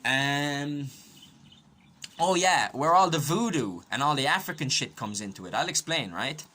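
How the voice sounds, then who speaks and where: A man's voice: on the high side, animated, measured pace, bright, forceful tone. An Irish man giving a rambling, profane, conspiratorial comedic monologue and punctuating it with constant "right?" asides. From Ireland. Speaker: podcast host.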